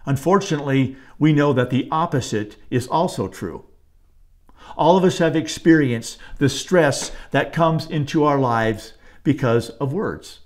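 A man, a pastor, delivering a sermon in a calm, measured way, slowing and softening on key phrases. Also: a little high.

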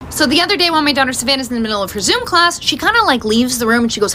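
A woman's voice: on the high side, lively intonation, rapid-fire, hardly any pauses, pushed and bright. A middle-aged woman telling chatty family stories as a mom, acting out her kids' voices. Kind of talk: casual storytime. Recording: faint background noise.

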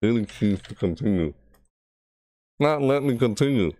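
A man giving casual gameplay commentary, rambling and thinking out loud, a bit nervous. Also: medium pitch, animated, normal speed. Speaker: let's play gamer.

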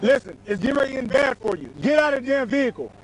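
Outdoors on a street beside a stopped car, a male police officer shouts forceful, stern commands at a driver during an arrest, repeating them over and over. His voice is very high-pitched, very animated and very fast. The body camera audio is poor and carries background noise.

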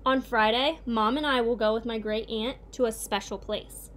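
A woman reading a children's picture book aloud in a steady, clear storytelling way. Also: fairly high pitch, normal speed, slight background noise. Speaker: reader.

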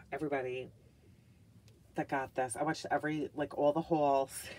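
A woman's voice: very deep voice, level tone, normal speed. A middle-aged woman chatting in a casual haul vlog, gushing and full of filler words, sometimes dropping to a whisper. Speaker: vlogger reviewing wax melts.

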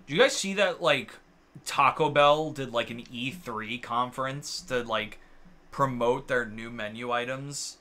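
Bright-voiced man in rambling gaming chat. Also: medium pitch, unhurried. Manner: rambling and filler-heavy, lots of uh and like; excitable, swears freely. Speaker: co-host of a gaming channel. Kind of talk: casual chat while playing games.

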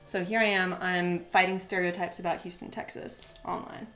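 A woman's voice: on the low side, little pitch movement, normal speed, fairly bright tone, faint music behind. A woman chatting casually while demonstrating a craft on a live stream, giggly and full of "like" fillers.

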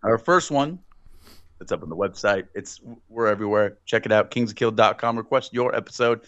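A man co-hosting a horror podcast in crude, joking banter, often laughing and cursing, and swinging loud and high when riled. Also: brisk, no room sound. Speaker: podcast co-host. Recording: dull dry lo-fi sound.

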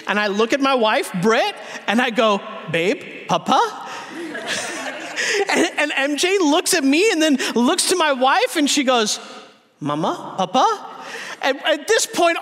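High-voiced preacher in a reverberant church. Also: male voice. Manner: lively, humorous storyteller who addresses the congregation directly. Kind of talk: sermon with personal storytelling. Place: church sanctuary. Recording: long reverb of a church hall.

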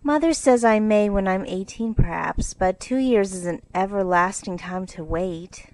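A woman's voice: medium pitch, moderate pace, darkish tone, lightly acted, poor audio. A woman voicing a fussy, girlish teenage older sister in a storybook reading, in a raised, eager and fretful way.

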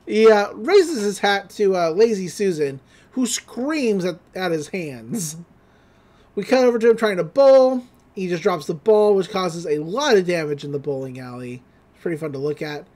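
A podcast host giving a casual, giggly recap of a cartoon episode, retelling scenes in an animated way. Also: medium pitch, moderate pace.

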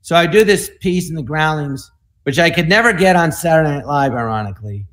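Rambling, animated comedian in his sixties. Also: fairly high pitch. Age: 60s. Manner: animated, rambling, quick to slip into voices. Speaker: guest comedian. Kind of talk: anecdotal storytelling. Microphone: video call.

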